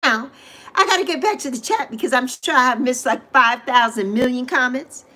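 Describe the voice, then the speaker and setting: A middle-aged woman hosting a livestream speaks into her desk microphone and straight to her audience, effusive, emotional and repetitive. Her voice sits high and sounds bright and forceful at a normal speed, in a heartfelt chat.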